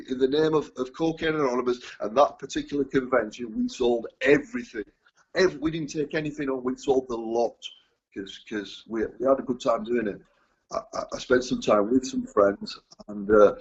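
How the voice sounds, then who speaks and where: Husky Englishman telling his story haltingly. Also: medium pitch, highs cut off. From England. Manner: halting, repeats words, chuckles often. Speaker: recovery speaker. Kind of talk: personal testimony to a group.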